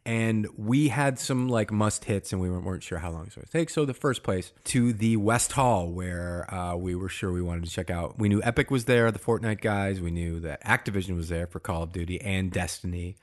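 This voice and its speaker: A man's voice: low-pitched, a little fast, few pauses. A man co-hosting a casual chat, telling a rambling story with lots of restarts and fillers. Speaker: podcast co-host.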